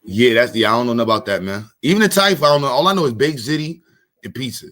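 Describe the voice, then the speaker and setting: With lively intonation, a medium pitch and a slightly bright sound, a Brooklyn man hosts a fast, casual comedy chat. He keeps the jokes, laughs and slang flowing.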